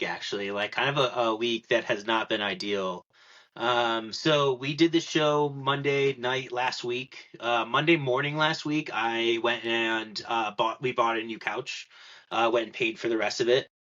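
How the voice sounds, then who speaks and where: A man's voice: medium pitch, a little slow, pushed and bright, lo-fi sound. A young man hosting a podcast, chatting in an easygoing way and laughing along with his co-hosts. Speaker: podcast host. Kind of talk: casual chat.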